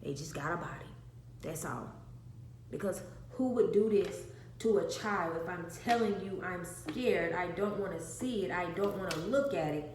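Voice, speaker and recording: A woman's voice: on the low side, moderate pace, a little mellow. Woman, emotional storytelling, repeats herself for emphasis, roomy echo. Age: adult with an infant. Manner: earnest, repeats phrases for emphasis, addresses viewers directly. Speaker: vlogger sharing a personal testimony. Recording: echoey room with faint noise.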